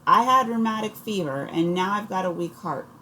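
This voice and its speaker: A woman's voice: mid-range voice, animated, normal speed, bright, forceful tone, a little hiss or hum, voice pushed up, poor audio. Woman voicing a boy of about ten, sickly, stubborn, whining, audiobook. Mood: whiny.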